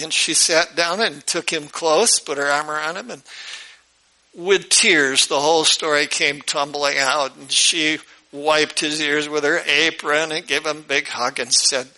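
Pastor guy spinning a folksy tale, high bright voice, does all the characters. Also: measured pace, rough recording. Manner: animated, acts out the characters' voices. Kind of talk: storytelling sermon.

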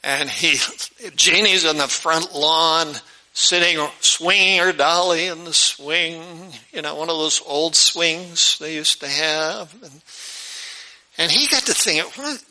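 A man's voice: on the high side, takes it slowly, low-quality recording. A man, a pastor, telling a folksy story in a sermon and acting out the characters. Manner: animated, acts out the characters' voices.

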